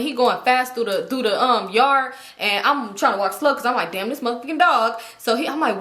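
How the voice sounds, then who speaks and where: A woman's voice: high voice, fast talker, few pauses, sharp tone, roomy sound. A woman vlogger telling a rambling, profane story in a casual way, full of fillers.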